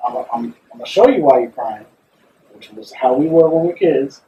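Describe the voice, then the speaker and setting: A man chatting casually on a podcast, agreeable and quick to chime in with short affirmations. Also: medium pitch, expressive, dark tone, slight background noise. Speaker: podcast co-host. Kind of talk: casual chat. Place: recording studio. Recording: roomy, dull sound from a distant mic.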